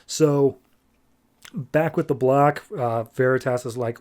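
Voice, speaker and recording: Wry man recapping a comic. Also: medium pitch. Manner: animated, wry, jumps into quick character voices. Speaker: podcast host reviewing comics. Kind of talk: casual comic book recap.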